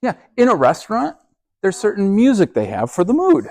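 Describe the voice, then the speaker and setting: A man's voice: high voice, huge pitch swings, fairly quick, gravelly, darkish tone, dry recording. A man teaching a youth group as their pastor. He talks in a conversational way, keeps asking "okay?" and often restarts and repeats his words.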